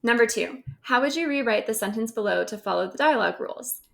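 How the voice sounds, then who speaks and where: A woman's voice: a little high, lively intonation, fast, creaky. A woman teacher recording a grammar lesson over slides, explaining step by step and often checking in with "right?".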